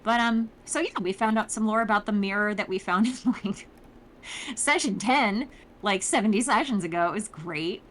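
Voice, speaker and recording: A woman's voice: mid-range voice, normal speed, a bit bright. A woman casually recapping a tabletop campaign in a rambling, informal way.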